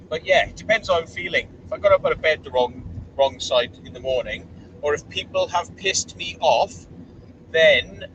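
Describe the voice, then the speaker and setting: A man, vlogging in a blunt, sweary, rambling way with lots of fillers, recorded outdoors. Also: a little high. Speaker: urban explorer vlogger. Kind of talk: casual rambling monologue. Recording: distant mic with loud outdoor noise.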